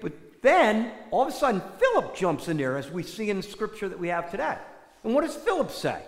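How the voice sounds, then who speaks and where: A man with a high voice preaches in a lively, sweeping way, his pitch climbing and dropping as he talks. He keeps a conversational tone and puts rhetorical questions to the listeners. His voice rings around a large church hall with a long, echoing reverb. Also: a little fast. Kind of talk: conversational sermon.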